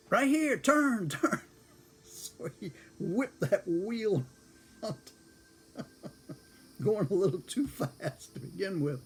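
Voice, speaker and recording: A man's voice: on the high side, slight background noise. An older man in his seventies casually telling a rambling personal story, chuckling often and correcting himself as he goes. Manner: chuckles often between lines.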